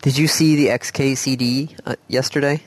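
A man chatting casually as a podcast co-host, in relaxed banter. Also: medium pitch, moderate pace, dry recording. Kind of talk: casual chat.

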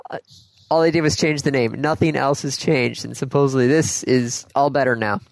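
A man co-hosts a relaxed podcast and rambles between news items he reads aloud. His voice sits at a middle pitch and sounds dry and close to the mic. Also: normal speed, creaky, no echo, low-quality recording. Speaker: podcast co-host. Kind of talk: casual chat.

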